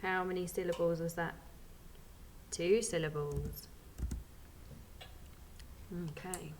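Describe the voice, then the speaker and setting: A young woman leads a children's phonics lesson at a very slow, deliberate pace, sounding out every letter and praising each answer. Her voice sits fairly low for a woman, and a faint hum runs under the recording. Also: steady tone. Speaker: primary school teacher.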